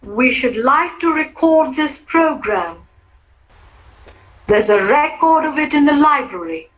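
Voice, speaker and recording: A woman's voice: high-pitched, lively intonation, slow pace, poor audio. A woman reading example sentences for a language-lab exercise, carefully enunciated.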